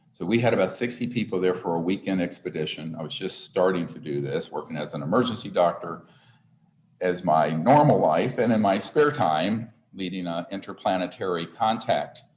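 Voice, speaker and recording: Deep-voiced older man lecturing. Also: a little mellow. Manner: earnest, rambling storytelling with restarts. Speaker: seminar speaker. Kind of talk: live lecture to an audience. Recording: echoey room.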